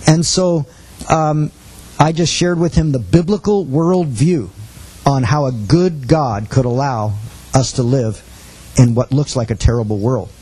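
A middle-aged man giving a sermon-style teaching talk with a husky voice, telling stories and acting out quotes earnestly. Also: medium pitch, a little slow, dark tone, rough recording. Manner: storytelling with acted quotes, earnest. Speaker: preacher.

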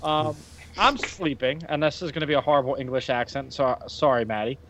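A man hosting a podcast, telling stories excitedly and laughing often in casual chat. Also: medium pitch, fairly quick. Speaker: podcast host.

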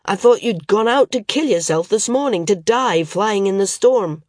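A woman's voice: medium pitch, animated, normal speed, no echo, studio quality, pitched above the performer's own voice, natural voice. A woman voicing a desperate, stubborn young woman who pleads on the edge of hysteria. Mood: pleading.

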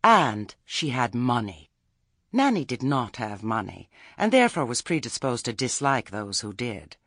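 A man's voice: medium pitch, big pitch swings, unhurried, a bit bright, no echo, clean studio sound. A man reading a story aloud as narrator, with a wry telling. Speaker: audiobook narrator. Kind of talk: scripted narration.

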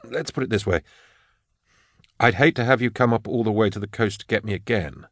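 A quiet, awkward scientist speaks softly and precisely, a little melancholy, as a man reads him in an audiobook. The voice is low and held back. The recording is close and dry. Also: a little fast, no room sound, close to an everyday voice. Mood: reserved. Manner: soft, reserved and precise.

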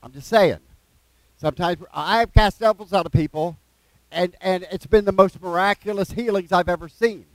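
Brief: male preacher, slightly high voice, folksy and repetitive, reads scripture with asides. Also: normal speed, no echo, rough recording. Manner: folksy, repeats phrases, asides between verses. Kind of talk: sermon with scripture reading.

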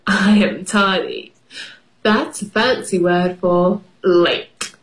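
A woman reading a children's picture book aloud in a playful, expressive way. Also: mid-range voice, low-quality recording. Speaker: storybook reader.

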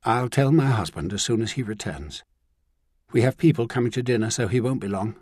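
A man's voice: medium pitch, a little fast, darkish tone, breathy edge, no echo, clean studio sound, natural voice. A man reading the part of an urgent, commanding woman in an audiobook, giving orders in a clipped voice. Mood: calmer. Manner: clipped, brooks no argument.

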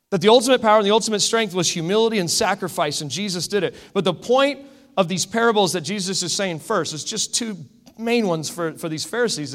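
A man preaching a sermon as a pastor, telling stories in an animated way that swings between loud and hushed. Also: sits high. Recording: echoey hall.

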